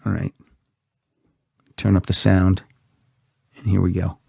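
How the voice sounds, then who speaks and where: A man hosting a podcast, telling a rambling, animated story and swearing freely. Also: deep voice, slow, vocal fry, slightly rough. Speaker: podcast host.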